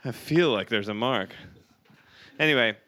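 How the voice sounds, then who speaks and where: Excitable, bright-voiced male host. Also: medium pitch, moderate pace. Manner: excitable, rambling, stumbles over words. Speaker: podcast host. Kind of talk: casual podcast chat.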